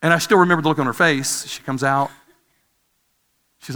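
A man's voice: fairly high pitch, fairly even intonation, normal speed, pushed and bright, slight background noise. A man in his forties preaching a sermon, telling a personal story in a conversational way and asking his listeners questions. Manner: conversational, asks the audience questions. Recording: reverberant hall.

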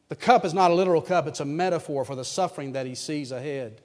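A pastor preaching a sermon with dramatic swings from hushed tones to loud, wailing emphasis. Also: male voice, on the high side, quick pace, hardly any pauses, big-room sound.

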